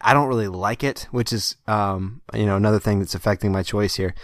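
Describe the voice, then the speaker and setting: A man's voice: lowish voice, brisk, no room sound. A man co-hosting a casual beer-tasting podcast, thinking aloud with hesitant fillers. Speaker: podcast co-host.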